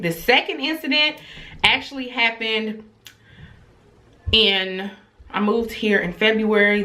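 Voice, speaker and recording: A woman in her thirties telling a storytime to her viewers in a casual, animated way, acting out her children's voices. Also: mid-range voice.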